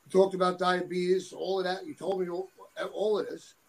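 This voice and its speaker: Middle-aged man, high voice, husky, rambling, repeats himself. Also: fairly even intonation, normal speed, low-quality recording. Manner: rambling, repeats words while searching for them. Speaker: guest. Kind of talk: casual chat.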